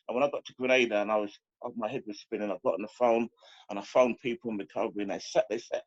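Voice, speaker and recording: A man's voice: lowish voice, a little mellow, no room sound, dull audio. A middle-aged man from London giving a heartfelt, rambling share at a recovery meeting, full of "you know" fillers.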